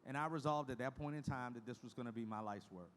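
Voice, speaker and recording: A man's voice: mid-range voice, fast. Frank, folksy man giving a keynote. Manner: frank, folksy, emotional storytelling. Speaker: association leader giving a presentation. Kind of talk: conference keynote speech. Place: conference stage.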